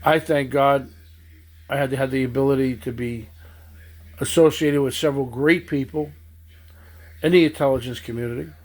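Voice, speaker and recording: A man's voice: medium pitch, fairly even intonation, moderate pace, long pauses. A man giving a stern political monologue, accusing and addressing people directly. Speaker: political commentator.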